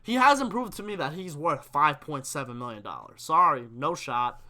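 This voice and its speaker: A man's voice: a little high, moderate pace. A young man hosting a live sports stream, chatting casually with viewers and getting worked up as he argues his points. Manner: animated, gets worked up, reads chat questions aloud.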